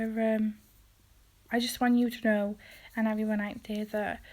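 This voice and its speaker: A woman speaks hesitantly in a personal confessional vlog, with many pauses and ums, often trailing off quietly. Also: fairly high pitch. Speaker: vlogger.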